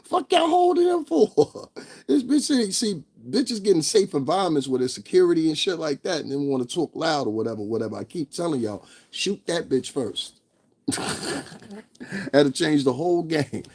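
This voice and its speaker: A man's voice: fairly high pitch, animated, moderate pace, darkish tone. A man ranting in a profane, blunt commentary vlog, stressing his points and laughing between them. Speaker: vlogger.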